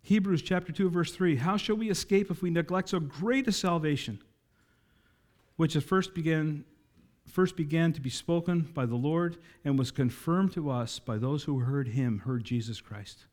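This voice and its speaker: A man's voice: a little high, normal speed, a little mellow. A man preaching a sermon, building to emphatic, rousing climaxes and talking directly to his congregation. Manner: preaching with rising emphatic climaxes and audience asides. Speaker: pastor.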